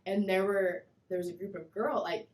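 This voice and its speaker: A woman's voice: medium pitch, normal speed, echoey room, slight background noise. Chatty young woman telling stories. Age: young adult. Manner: animated storytelling, acts out kids' voices, many fillers. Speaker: guest, former mascot performer. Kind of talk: casual chat.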